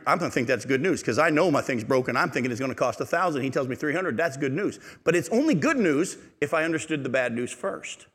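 A man preaching a sermon as pastor, animated and asking the congregation rhetorical questions. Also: a little high, brisk, hardly any pauses, big-room sound.

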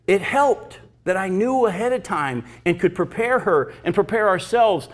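A pastor in his fifties preaching a sermon, emphatic and animated, mixing teaching with personal stories. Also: high voice, normal speed.

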